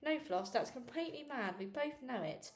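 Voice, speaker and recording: A woman's voice: high voice, animated, normal speed. A woman reading aloud, voicing a kind, worried working-class father who speaks tenderly and calls his daughter darling and pet. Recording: echoey room.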